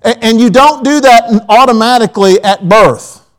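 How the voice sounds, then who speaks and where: Male preacher, high voice, folksy anecdotes, church sermon. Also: normal speed, poor audio. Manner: folksy storytelling with quoted asides. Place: church auditorium.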